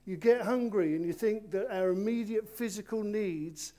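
A man's voice: sits high, normal speed, warm tone. A man preaching in a church, leading a children's talk with volunteers and speaking playfully and directly to them. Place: church before a congregation.

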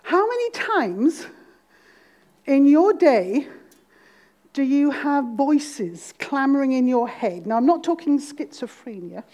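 A middle-aged Welsh woman with a Welsh accent, preaching a sermon to a congregation with humor and dramatic pauses. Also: high-pitched, dark tone. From Wales.

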